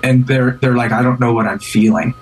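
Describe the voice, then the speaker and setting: A man's voice: mid-range voice, fairly even intonation, a little fast, husky, far from the mic, rough recording. A man who is a pastor, speaking as a guest in an earnest, casual interview, often repeating and restarting words.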